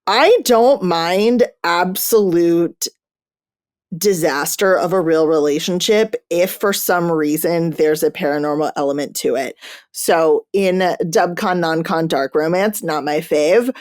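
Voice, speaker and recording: Female podcast host, lowish, slow, dry close sound, casual and animated. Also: no echo. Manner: animated, laughs often, says "like" a lot. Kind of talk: casual book chat.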